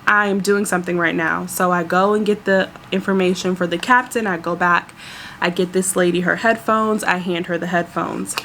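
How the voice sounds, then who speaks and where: A woman's voice: fairly low pitch, moderate pace, slight background noise. A woman flight attendant casually telling a story about her workday to her viewers, chatty and exasperated. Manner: chatty, exasperated, animated retelling.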